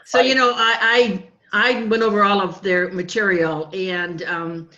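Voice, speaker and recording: A woman's voice: medium pitch, fairly even intonation, unhurried, pushed and bright, lo-fi sound. A woman coaching client giving an earnest, emotional testimonial on a group video call, often stumbling and repeating words. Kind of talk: heartfelt spoken testimonial.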